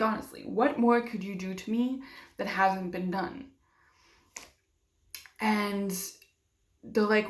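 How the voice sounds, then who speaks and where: Woman telling a painful story, roomy sound. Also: mid-range voice. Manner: emotional, acts out quoted dialogue, many fillers. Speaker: vlogger. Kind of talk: personal storytelling. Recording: roomy echo.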